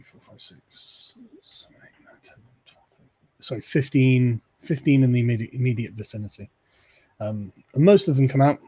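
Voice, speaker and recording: A man runs a tabletop game, narrating the scene in a loose, hesitant way. His voice sounds soft and mellow, with a husky grain. The sound is close and plain. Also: medium pitch. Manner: relaxed, halting narration with fillers and laughs. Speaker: game master.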